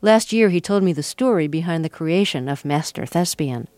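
A woman's voice: sits low, expressive, darkish tone, no echo. A woman hosting a radio interview, reading a scripted introduction and asking questions with slight stammers. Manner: measured, plainly read intro, halting stammer on questions. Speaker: radio host. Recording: dry studio radio mic.

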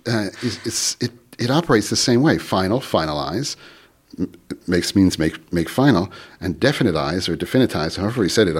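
A man with a Philadelphia accent, a guest author on a radio interview, explaining lively and playfully, trailing off and restarting. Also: lowish voice, breathy edge.

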